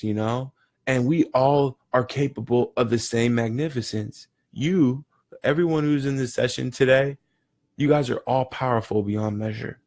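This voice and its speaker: A man leading a daily group session, giving a motivational talk and telling stories with many restarts and fillers. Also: medium pitch. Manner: rambling storytelling, with frequent restarts and "you know". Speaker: session leader in a year-long daily challenge.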